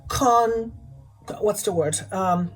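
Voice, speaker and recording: A woman's voice: mid-range voice, extremely slow, soft background music, rough recording. A woman channeler and energy healer giving a spiritual guidance talk, repeating her key questions for emphasis.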